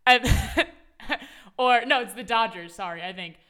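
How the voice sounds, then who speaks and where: Young female podcast co-host, excitable, high-ish and bright, chatty and profane. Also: slow. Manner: animated, swears freely, voice jumps high when excited. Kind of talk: casual sports chat.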